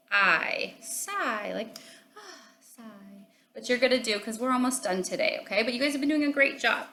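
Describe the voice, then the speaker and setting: A woman's voice: fairly high pitch, bright, forceful tone, roomy sound. A woman teacher giving a phonics lesson to young children and their parents, coaxing and encouraging, often checking in with "okay?". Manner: encouraging, sing-song teacher talk with frequent "okay?".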